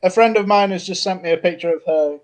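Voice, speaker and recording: A man comedian on a panel show, chatting in a relaxed, easygoing way. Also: sits high, quick pace, slight background noise. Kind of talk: casual chat.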